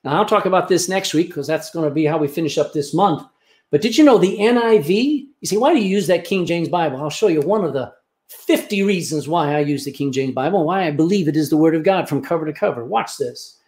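Male pastor, somewhat high-pitched, preaching with emphatic rises on key lines. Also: brisk, darkish tone. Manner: emphatic preaching, pitch rising on key phrases, quoting scripture. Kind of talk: sermon.

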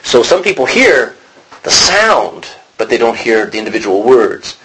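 Speaking a little slowly, a man with a medium-pitched, slightly rough voice runs an informal Bible study, heard through poor audio. With animation, he asks his class questions and acts out each line he quotes.

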